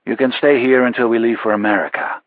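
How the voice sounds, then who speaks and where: A man voicing a cold, secretive male assassin who speaks tersely and quietly. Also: mid-range voice, steady tone, fast, narrow, tinny audio, natural voice.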